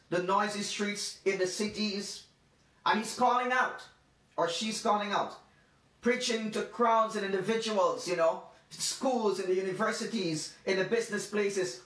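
A man preaching a devotional sermon, stressing phrases slowly and repeating them for emphasis. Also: sits high, a bit bright. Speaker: pastor. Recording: roomy sound from a distant mic.

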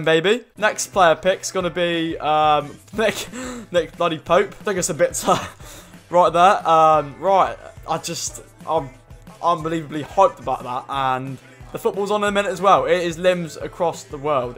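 A young man giving excited commentary while opening packs in a football video game, full of loud, laughing outbursts. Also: fairly high pitch. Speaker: gaming YouTuber.

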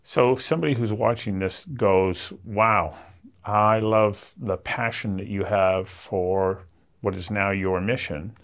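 A man with a fairly low voice hosts the interview. He asks reflective, probing questions in a calm way. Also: slow. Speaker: interviewer, host.

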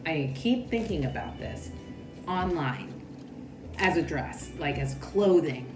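Her voice is low-pitched and expressive, and she takes her time as she chats casually for a vlog. She thinks out loud and now and then sinks to a whisper, while music plays behind her in an echoey room.

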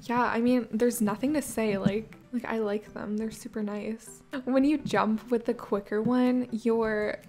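Woman, gaming vlogger, slightly high voice, chatty and rambling, quiet game music underneath. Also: fairly even intonation, a little slow, hardly any pauses. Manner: rambling, bubbly, self-amused. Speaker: gaming channel host. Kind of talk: casual gameplay commentary. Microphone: desktop USB microphone.

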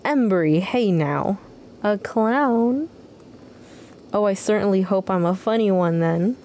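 A woman's voice: medium pitch, takes it slowly, warm tone, slight background noise. A woman voicing a quirky, theatrical male traveling doctor with a sing-song lilt for a video game. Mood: playful.

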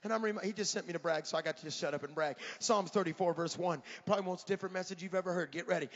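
A middle-aged man, an evangelist, preaching a fiery revival sermon in a large church, often shouting and counting down. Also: high-pitched, very fast, few pauses. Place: large church sanctuary at a conference. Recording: echoey church hall, dull lo-fi sound.

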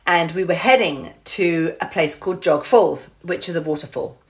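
A woman's voice: on the low side, normal speed. A woman telling a story to her camera in a chatty, casual way, often repeating words and describing things with gestures. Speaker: vlogger.

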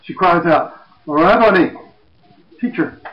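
A man retelling a Bible story as a lesson, in a plain storytelling voice that goes quiet for quoted speech. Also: medium pitch, expressive, measured pace, vocal fry. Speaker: Bible teacher. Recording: echoey, dull lo-fi room.

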